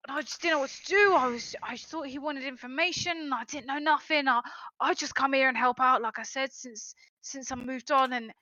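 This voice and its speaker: A grieving old dwarf, shaken and stammering, who keeps circling back over the same words, as a woman game master puts him on. His voice is bright and sits a little high, with a clear edge. It comes from a tabletop role-play session. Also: dry recording, lo-fi sound. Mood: frightened. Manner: halting, stammering, repeats himself. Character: grieving older male dwarf temple helper, shaken.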